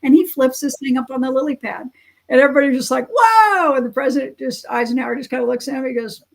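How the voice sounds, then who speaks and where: A woman telling family stories in a relaxed chat, animated and acting out the people she quotes. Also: high-pitched, quick pace, vocal fry. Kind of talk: casual storytelling.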